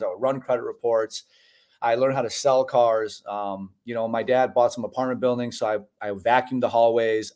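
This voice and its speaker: A man in his forties, a guest telling his story in a casual interview over a video call, acting out voices and saying "bro" and "man". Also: mid-range voice. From United States (Chicago). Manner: animated storyteller, acts out quoted dialogue, says "bro" and "man". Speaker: podcast guest.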